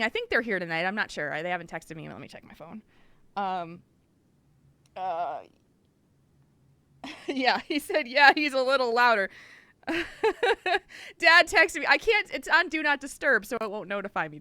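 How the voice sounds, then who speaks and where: A woman's voice: on the high side, very animated, a little slow, long pauses, sharp tone, no room sound. A woman co-hosting a podcast from her living room, chatting casually and laughing often. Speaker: podcast co-host. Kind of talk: casual chat.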